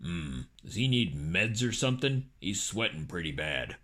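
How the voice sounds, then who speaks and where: A man voicing a gruff, bossy older male ex-politician in an audiobook, talking in a brash, crude, bellowing way. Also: low-pitched, big pitch swings, normal speed, fairly bright tone. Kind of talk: audiobook character voice.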